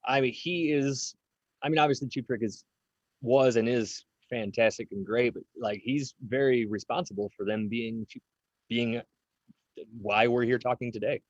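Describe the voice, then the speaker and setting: A man's voice: medium pitch, fairly even intonation, moderate pace, no room sound, highs cut off. A man in his forties, a drummer interviewed as a guest, talking casually with lots of fillers and restarts. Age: 40s. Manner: rambling, many fillers and restarts.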